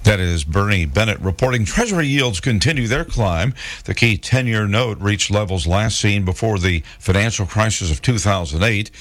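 A man reading hourly radio news headlines in a measured, authoritative way. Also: fairly low pitch, lively intonation.

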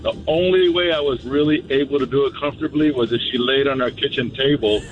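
A man's voice: mid-range voice, quick pace, dull audio, soft background music. A man who works as a mortician, calling a radio show and telling a story earnestly. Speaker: caller, mortician. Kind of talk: call-in radio chat.

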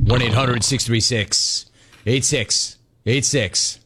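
A man runs a sports talk radio show from the studio, brash and animated, taking callers one after another. He riffs on their calls and hammers the same punchy words over and over. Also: medium pitch, slow, a little hiss or hum.

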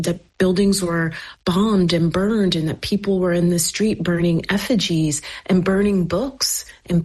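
A woman's voice: medium pitch, darkish tone, breathy edge, poor audio. A woman guest in an interview who speaks reflectively and earnestly, often restarting her sentences. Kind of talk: interview answer.

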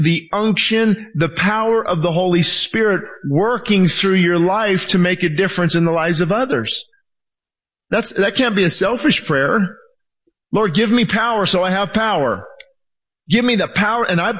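A man with a high, light voice preaches a sermon in a church. He delivers it with passion, slowing hard on key lines and acting out the voices of the people in his stories. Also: fairly bright tone. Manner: impassioned preaching, acts out voices and slows for emphasis. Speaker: pastor. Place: church sanctuary with screen.

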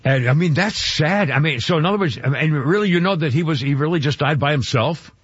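A man's voice: fairly high pitch, animated, a little fast, husky, no room sound. A man hosting a casual radio talk show, rambling and laughing easily as he chats with callers. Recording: dull lo-fi radio broadcast.

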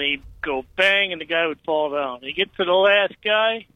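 A man's voice: on the high side, moderate pace, no room sound, phone-quality sound. A man in his fifties calling a radio show, telling a rambling story and stumbling over his words. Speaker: caller. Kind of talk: phone-in call.

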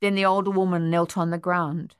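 A woman reading an audiobook in a measured, even storytelling delivery. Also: lowish voice, clear, resonant tone, no room sound, clean studio sound. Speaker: audiobook narrator. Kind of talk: scripted audiobook narration.

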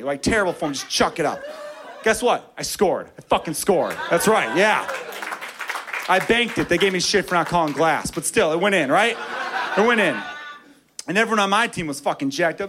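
Profane, animated stand-up comedian man. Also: fairly high pitch, brisk, slight background noise. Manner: profane, animated, self-mocking. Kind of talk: stand-up storytelling.

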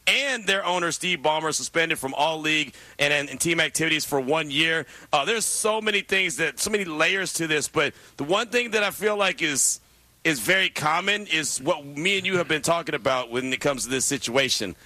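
A man's voice: fairly high pitch, moderate pace, sharp tone, dry recording. A man hosting a sports radio show in a studio, teasing his co-host and laughing often in casual banter. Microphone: studio microphone.

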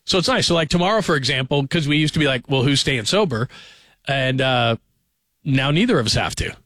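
A man's voice: fairly high pitch, fast talker, a bit bright, dry recording. Man, 40s, sports radio host, rambling casual storyteller, dry studio sound. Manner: chatty, rambling storyteller with many fillers. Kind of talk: casual talk radio chat.

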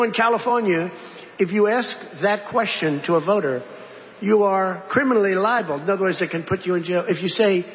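A man's voice: high-pitched, a bit bright, slight background noise. A man, a politician, giving a rambling, repetitive political speech to a crowd in a large hall. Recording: dull recording with long hall reverb.

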